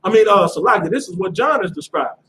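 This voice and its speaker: A man's voice: sits high, expressive, fast talker, fairly bright tone, a little hiss or hum, rough recording. A man teaching a scripture class in a casual lecturing manner, often checking "you understand?".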